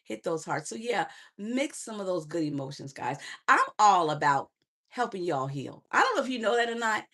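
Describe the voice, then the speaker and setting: A middle-aged woman, a transformational coach, giving a lively motivational live stream, preaching and calling viewers honey and baby. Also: mid-range voice, moderate pace, husky. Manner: preachy, warm endearments to viewers; chatty, laughs often.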